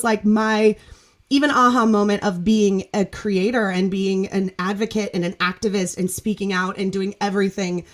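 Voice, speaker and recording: A woman's voice: medium pitch, steady tone, moderate pace. A woman hosting a casual podcast chat over a video call, telling a story in a bubbly, gushing way and laughing often. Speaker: podcast host.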